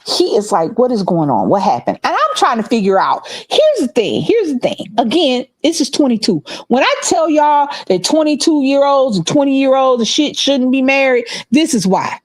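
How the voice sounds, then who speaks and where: A middle-aged woman telling a story in casual chat, animated and laughing, acting out the other people's voices. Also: high voice, normal speed, few pauses, no room sound. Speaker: podcast co-host.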